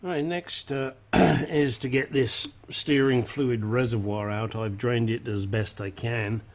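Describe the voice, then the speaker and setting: A man's voice: mid-range voice, steady tone, slow pace, a little hiss or hum. A man working as a mechanic, talking through a car repair while he works, muttering and grunting as he struggles with parts. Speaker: auto mechanic. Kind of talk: hands-on car repair tutorial.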